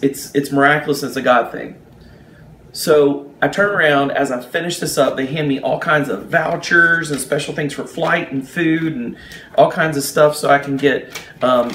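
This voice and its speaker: A man telling a personal anecdote in a casual, animated way, with a fairly high voice. He acts out the people in his story. The recording has a roomy echo. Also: slight background noise.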